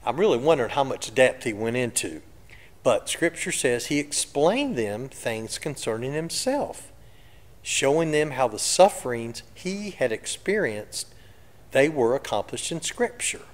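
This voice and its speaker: A man's voice: medium pitch, sing-song, a little slow, in a large hall. A man preaching a sermon in a reflective, conversational way. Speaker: pastor. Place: church sanctuary.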